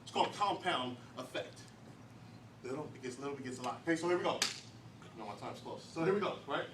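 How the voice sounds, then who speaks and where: A man giving a lively motivational talk, animated and emphatic, throwing rhetorical questions at his audience. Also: medium pitch, brisk. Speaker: speaker. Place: meeting room. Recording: distant echoey room with faint noise.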